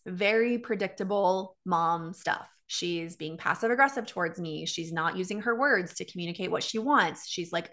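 A woman's voice: mid-range voice, pushed and bright. A woman in her thirties candidly telling a personal story, animatedly acting out quoted dialogue.

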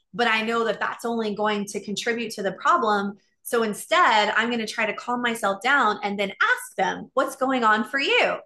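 A woman's voice: mid-range voice, bright, forceful tone. A middle-aged woman talking earnestly and openly in a casual monologue, with many "like" fillers.

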